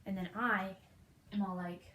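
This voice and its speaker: A young woman retelling a musical in a fast, playful, slangy way, acting out the quotes, recorded in a room with faint noise. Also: mid-range voice, steady tone, fairly bright tone, reverberant. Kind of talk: hyper comic retelling.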